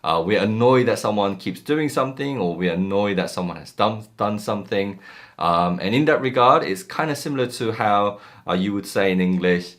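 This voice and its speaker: A man teaching a language lesson in a relaxed, casual way, with many ums and uhs, acting out short example phrases. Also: on the low side, moderate pace.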